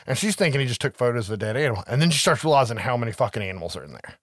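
Animated, foul-mouthed man recapping a film. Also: medium pitch, racing, no echo, clean studio sound. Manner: profane, animated storytelling with quoted voices. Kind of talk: casual movie recap chat.

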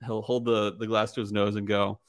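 Talking fairly quickly in a lowish, flat voice, a young podcast host rambles through a casual chat, full of fillers and quick to laugh. The recording is dry.

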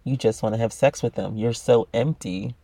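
A man's voice: medium pitch, moderate pace, gravelly, dark tone, dry recording. A man giving a blunt, swear-filled motivational monologue about self-love, talking straight to the listener. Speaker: self-help podcaster.

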